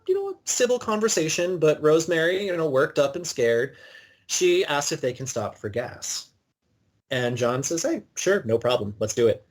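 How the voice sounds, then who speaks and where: A man co-hosting a podcast, recapping an episode in an animated, storytelling way and acting out bits of dialogue. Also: mid-range voice. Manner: animated storyteller, acts out quotes. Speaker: podcast co-host.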